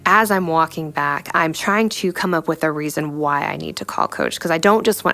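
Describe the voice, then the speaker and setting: A young woman giving a personal faith testimony in a reflective, halting way, full of "you know" fillers. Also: low voice, bright, forceful tone. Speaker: storyteller sharing a personal testimony.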